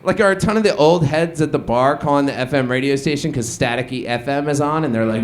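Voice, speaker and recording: A young man doing a deadpan observational stand-up comedy set on a small bar stage, with some crowd work. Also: mid-range voice, fast, few pauses. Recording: echoey bar room with ambience.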